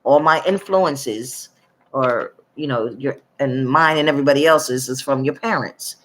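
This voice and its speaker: A woman from the northern United States, talking to her channel in a loose, rambling way as she reads out figures, with many pauses and self-corrections. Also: extremely low pitch. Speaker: YouTube commentator. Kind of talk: casual monologue reading from documents.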